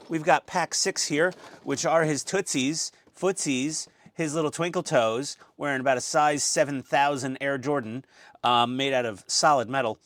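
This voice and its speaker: A man's voice: on the high side, a bit bright. A man hosting a casual hobby build vlog on a lapel mic, joking, rambling and mocking himself. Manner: jokey, self-mocking, rambling. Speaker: host.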